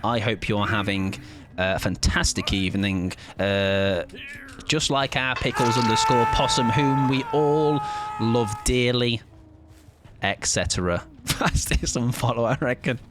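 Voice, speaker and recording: A man's voice: mid-range voice, a little slow, background noise. A man streaming a game, chatting casually in a self-mocking, playful way. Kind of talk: casual gaming commentary.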